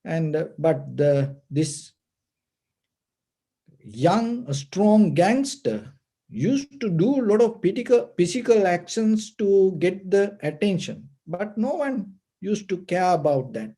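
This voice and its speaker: High-voiced man telling a slow story. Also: lively intonation, warm tone. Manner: slow, patient, simple non-native phrasing. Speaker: meditation teacher. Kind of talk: storytelling dharma talk.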